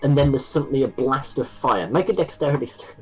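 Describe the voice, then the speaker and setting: A man runs a tabletop game online, laying out traps and rulings at a measured pace. His voice is a little husky, and faint music plays underneath. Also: mid-range voice, lively intonation, poor audio. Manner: measured, describes scenes and rulings step by step. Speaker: game master. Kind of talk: narrating a tabletop game over a call. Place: home, online session.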